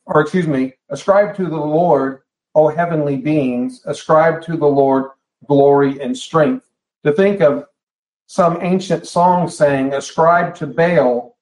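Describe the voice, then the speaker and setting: A man with a slightly high, darkish voice leads a Bible study sermon in a church hall. He talks conversationally, frequently restarting and repeating phrases, and the room sounds echoey.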